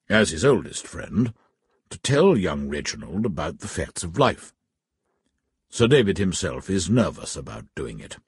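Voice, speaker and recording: A man doing a weary old lord, low and husky. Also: no room sound, clean studio sound, exaggerated voice. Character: older English lord, weary and reserved.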